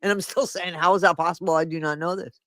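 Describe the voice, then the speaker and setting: Animated older man telling a story. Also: a little high, fast talker, no room sound. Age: 60s. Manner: emphatic, interrupts, swears casually. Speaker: podcast co-host. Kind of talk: candid conversational storytelling.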